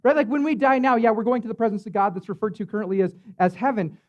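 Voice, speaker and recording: A man with a high voice preaches a sermon as the church's pastor. He talks in a relaxed, chatty way, leaning on fillers and asking his listeners "right?" along the way. The sermon recording is muffled and lo-fi. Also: fast talker. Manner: conversational, filler-heavy preaching with tag questions.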